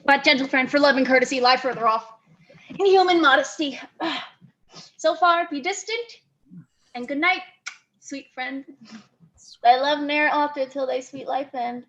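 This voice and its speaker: A woman playing a gentle, coy young noblewoman in a Shakespeare reading. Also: sits high, normal speed, long pauses, dull audio. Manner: gentle, coy with light laughs. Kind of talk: Shakespeare stage reading over video call.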